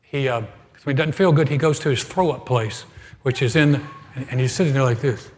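A middle-aged man preaching as pastor, telling a humorous story with animated swings from loud to soft. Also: medium pitch, a little fast, slight background noise. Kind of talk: humorous sermon. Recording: hall reverb.

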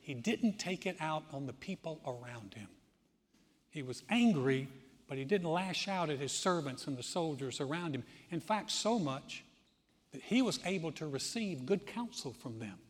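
Man, pastor, sermon, animated storytelling, slightly high voice, long hall reverb. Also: moderate pace, slightly rough.

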